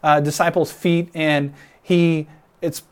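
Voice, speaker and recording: An earnest man preaches a sermon with a voice pitched a little higher than most. He talks reflectively, picturing himself inside the scene he describes. He builds emphasis by repeating phrases again and again. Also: little pitch movement, takes it slowly, smooth. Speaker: pastor.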